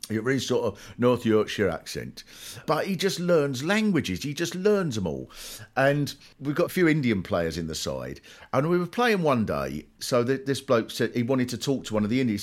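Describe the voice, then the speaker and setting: A man's voice: mid-range voice, big pitch swings, normal speed. A man from England hosting a comedy podcast in casual joking chat. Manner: jokey, slips into mock voices. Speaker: podcast host.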